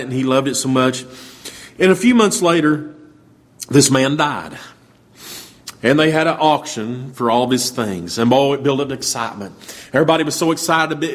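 A man preaching, telling a story in a plain, folksy way. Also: on the high side. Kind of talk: sermon storytelling.

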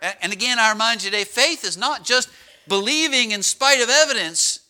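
A high-pitched man with a piercing, bright voice delivers a sermon as the pastor. He tells stories with animated pacing, stretching words and then dropping to a hushed tone for emphasis. He sounds middle-aged. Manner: animated storytelling with dramatic slowdowns and drops to a hush.

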